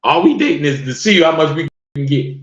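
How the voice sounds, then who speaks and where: A man's voice: a little high, expressive, a little fast. A man hosting a podcast, ranting on a live stream to his viewers and firing off rhetorical questions in disbelief. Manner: incredulous, fires off rhetorical questions. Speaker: podcast host. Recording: roomy, dull lo-fi sound.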